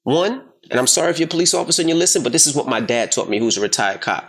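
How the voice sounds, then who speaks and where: A man in his thirties co-hosting a casual podcast, telling a story with lots of swearing and loudly acting out the voices of the people in it. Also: mid-range voice, rapid-fire. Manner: animated, profane, acts out quotes loudly. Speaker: podcast co-host.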